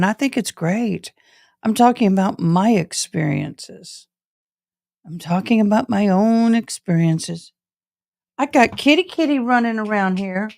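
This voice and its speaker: A woman's voice: mid-range voice, animated, measured pace, vocal fry, darkish tone, no room sound, clean studio sound. A woman hosting a live stream from her home, chatting casually and talking straight to her viewers. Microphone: camera setup.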